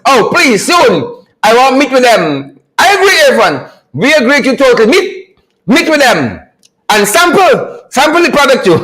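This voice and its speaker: A man hosts a political commentary livestream, his voice pitched very high and swinging widely up and down. He talks in a mocking, animated way and keeps repeating phrases for effect. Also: measured pace, low-quality recording. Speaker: livestream host.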